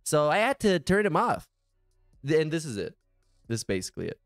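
A man's voice: fairly high pitch, very animated, a little fast, no echo, studio quality, faint music behind. A man hosting a casual reaction commentary, sarcastic, profane and exasperated. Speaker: commentary channel host.

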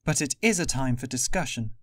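A man voicing a calm, wise female warrior of water who speaks gently and reasons with others. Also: medium pitch, brisk, no room sound, pitched above the performer's own voice, close to an everyday voice. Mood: calm, persuasive.

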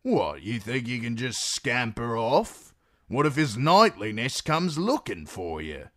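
A male reader voicing an older, disapproving guardsman in a gruff, gravelly voice. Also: mid-range voice, big pitch swings, unhurried, a bit bright, dry recording, studio quality, pitched above the performer's own voice.

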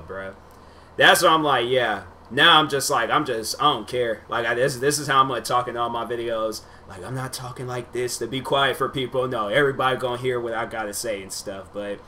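A YouTuber in his twenties rambles loosely while reacting to his own old videos, his commentary packed with slang and fillers. His mid-range voice sounds pushed and bright, with slight background noise.

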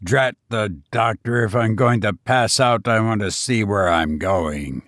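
A man voicing a dying old male banker, his speech low, blunt and commanding. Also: unhurried, a bit bright, no room sound, clean studio sound.

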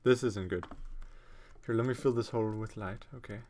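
A young man casually commentating his own gameplay at home on a desktop microphone, rambling and self-mocking with sudden excited outbursts. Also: fairly low pitch, moderate pace, slight background noise. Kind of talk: casual let's-play commentary. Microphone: desktop USB microphone.

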